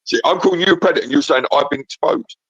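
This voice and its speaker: A man's voice: a little high, animated, very fast, fairly bright tone, slightly rough, no echo, lo-fi sound. A man arguing angrily on a call-in show, hurling insults and repeating himself. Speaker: caller. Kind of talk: heated argument on a call-in show.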